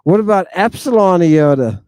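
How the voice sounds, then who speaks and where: Chatty animated male teacher, dry sound. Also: high-pitched, moderate pace, dry recording. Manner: animated, swings between loud and muttered asides; profane, chatty, keeps asking "right?". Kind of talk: casual lecture on ancient Greek.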